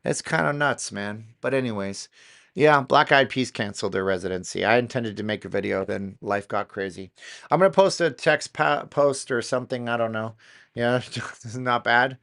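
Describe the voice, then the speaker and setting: A man's voice: mid-range voice, normal speed, gravelly, fairly bright tone. Man, live-stream host, casual rambling chat, lots of fillers, mid-range voice. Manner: rambling, filler-heavy, restarts often.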